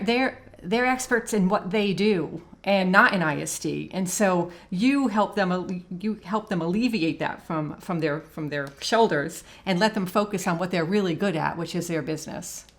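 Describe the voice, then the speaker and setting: A woman's voice: fairly low pitch, normal speed, few pauses. A woman co-hosting a podcast interview, friendly and talking casually, repeating words as she works through a thought. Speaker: podcast co-host.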